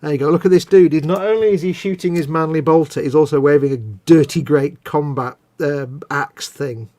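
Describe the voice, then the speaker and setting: Man, stream host, quick rambling banter, slightly high voice. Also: no echo. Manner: rambling, jokey, animated. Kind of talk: casual chat over gameplay.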